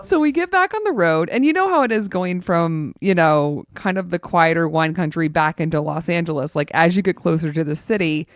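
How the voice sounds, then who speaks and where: A woman in casual podcast chat, telling an animated story full of "like" fillers. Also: lowish voice, brisk, hardly any pauses, no echo, studio quality.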